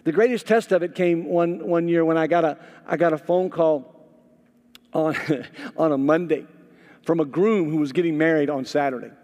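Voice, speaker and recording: A man preaching a sermon as a pastor, telling stories with animated, lively acted-out dialogue. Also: on the high side, moderate pace, big-room sound. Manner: animated storytelling, acting out quoted voices. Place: church sanctuary.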